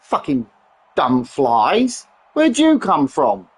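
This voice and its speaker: A man's voice: fairly high pitch, huge pitch swings, slow pace, husky. Sweary irritable streamer man. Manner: swearing, easily irritated, talks to himself. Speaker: gaming streamer. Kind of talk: casual live-stream chat.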